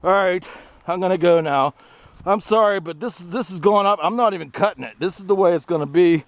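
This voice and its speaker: A middle-aged man vlogging outdoors on a trail, delivering an angry, rambling political rant to camera that rises into shouting. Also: sits high, fairly quick, no echo. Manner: ranting, shouting, rambling and repetitive.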